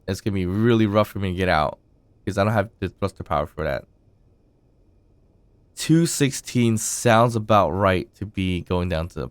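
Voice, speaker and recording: A man hosting his gaming channel, chatting casually as he plays, thinking aloud with fillers, his voice still rough from a recent illness. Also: lowish voice, no room sound. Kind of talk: casual gameplay commentary.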